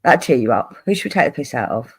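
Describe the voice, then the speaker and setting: Woman, Kent English accent, livestream host, casual teasing banter, swears, lively pitch swings. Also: fast talker, breathy edge. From Kent, England.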